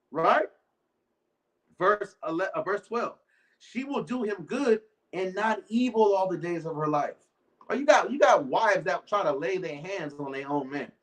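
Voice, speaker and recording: High-voiced man preaching casually. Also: fairly bright tone, poor audio. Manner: loose, rhetorical, keeps asking "right?"; reads scripture slowly and deliberately. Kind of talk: informal sermon.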